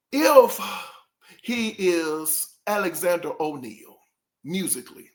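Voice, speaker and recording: A host giving casual, animated opinions in a vlog, rambling with many fillers and a lilt. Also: mid-range voice. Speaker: music commentary host.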